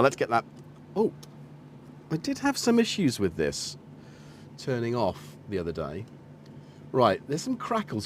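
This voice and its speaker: A man hosting a relaxed live stream from a home studio, rambling and correcting himself as he demos gear. His voice rises and falls in lively swings, with a faint hiss underneath. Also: lowish voice. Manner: rambling, chatty, self-correcting, greets viewers. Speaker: host of a live synth stream. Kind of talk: casual live-stream chat and product demo.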